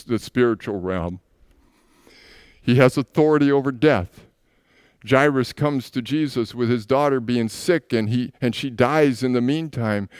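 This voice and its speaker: A male pastor preaching a sermon in a smooth, clear, mid-range voice. He tells scripture scenes as stories and acts out the voices in them. The sound is dry and close, with no room echo. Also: mid-range voice, darkish tone.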